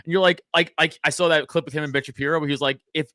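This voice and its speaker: A man's voice: on the high side, steady tone, very fast, bright, forceful tone, no echo. A man talking profanely and dismissively in a casual podcast chat. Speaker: podcast co-host.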